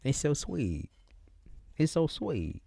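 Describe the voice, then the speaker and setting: A man's voice: on the high side, very animated, slow pace, gravelly, warm tone, slightly rough. A man giving a casual livestream tarot reading, talking in slang, with lots of expression and frequent laughs. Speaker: tarot reader.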